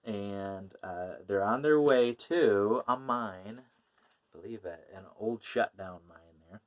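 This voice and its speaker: A man's voice: on the low side, slow pace, highs cut off. A man casually talking through a comic book issue, rambling with many fillers and small laughs. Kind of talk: casual chat.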